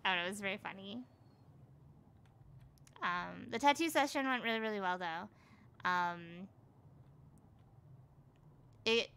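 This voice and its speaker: A young woman streaming from home, chatting casually over gameplay, excitable and swearing freely. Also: mid-range voice, smooth. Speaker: live streamer. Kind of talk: casual live gameplay commentary.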